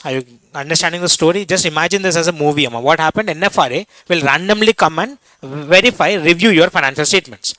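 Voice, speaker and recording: Bright-voiced Indian English lecturer. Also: male voice, on the high side, no room sound, low-quality recording. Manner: rapid, quizzing students with questions. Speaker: teacher. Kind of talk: exam revision lecture.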